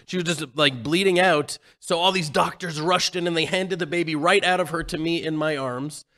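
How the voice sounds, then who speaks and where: Emotional storytelling man, fairly high voice. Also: fairly even intonation, normal speed, pushed and bright. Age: 40s. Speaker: radio co-host. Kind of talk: casual radio chat.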